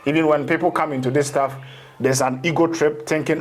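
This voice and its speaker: A man's voice: a little high, steady tone, a little fast. A man, a spiritual teacher in a casual interview, rambling through explanations and slipping into local phrases.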